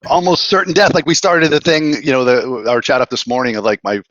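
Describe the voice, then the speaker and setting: This is a Boston-accented man in his fifties, a podcast guest spinning animated, joking stories. He talks quickly and sits close to a dry mic. His voice is mid-pitched, with a lively, storytelling delivery. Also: no echo, highs cut off. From greater Boston, USA. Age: 50s. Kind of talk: casual interview chat.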